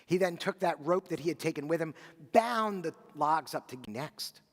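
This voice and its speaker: A man leading Shabbat services, telling a story with animated asides to the children and reading names for remembrance. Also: fairly high pitch, normal speed, in a large hall. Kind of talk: storytelling sermon and liturgy.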